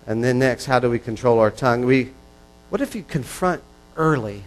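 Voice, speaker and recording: A man's voice: medium pitch, lively intonation, normal speed, poor audio. A man preaching a sermon in an earnest, repetitive style that builds in intensity. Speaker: pastor.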